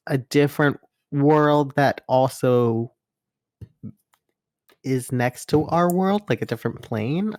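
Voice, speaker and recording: A woman's voice: deep voice, darkish tone, dry recording, studio quality. A woman playing a tabletop game who wonders aloud and sounds unsure. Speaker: player. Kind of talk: casual tabletop play.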